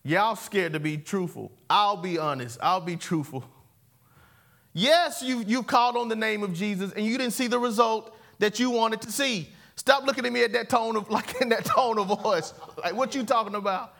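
A man's voice: high-pitched, moderate pace, fairly bright tone. A man preaching a sermon, calling for responses and repeating key words. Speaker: pastor. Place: church sanctuary.

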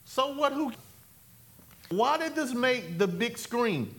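A man preaching a lively sermon, calling for the congregation's responses and swinging between high exclamations and low, quiet asides. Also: slow pace.

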